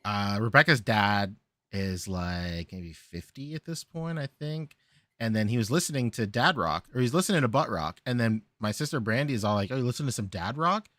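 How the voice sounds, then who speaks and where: A man's voice: on the low side, moderate pace, pushed and bright, dry recording. A man hosting a casual podcast, telling stories with frequent laughter and repeated phrases. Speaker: podcast host.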